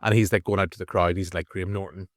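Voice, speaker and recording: A Northern Irish man co-hosting a movie review podcast, rambling casually with restarts and animated asides. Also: low-pitched, quick pace, dry recording, studio quality. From Northern Ireland. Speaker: podcast co-host.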